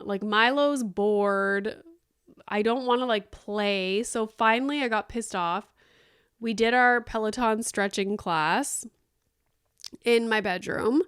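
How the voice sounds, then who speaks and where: A woman's voice: mid-range voice, fairly bright tone, clean tone, dry recording, studio quality. A woman in her thirties hosting a casual solo podcast, telling stories in a chatty, exasperated way with lots of fillers. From Canada. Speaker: podcast host.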